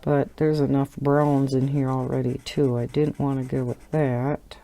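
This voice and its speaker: Middle-aged woman from Wisconsin with a local accent, relaxed drawn-out chat, soft mellow voice, laughs easily. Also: extremely low pitch. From Wisconsin, USA. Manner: chatty, rambling, laughs often. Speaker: coloring channel host. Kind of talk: casual chat while coloring.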